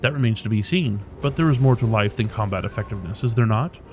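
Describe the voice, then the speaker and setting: A man voicing a cultured, pleasant engineer in a video game, speaking politely in an unhurried, measured way. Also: on the low side, a little mellow, soft background music, close to an everyday voice. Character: cultured, pleasant middle-aged man, calm drone engineer.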